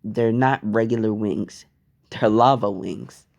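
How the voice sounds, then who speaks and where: A man's voice: fairly low pitch, slow, creaky, darkish tone, lo-fi sound. A man voicing a cocky teenage boy hero who brags about lava powers in a loose, swearing way. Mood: boastful. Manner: boastful, casual, swearing.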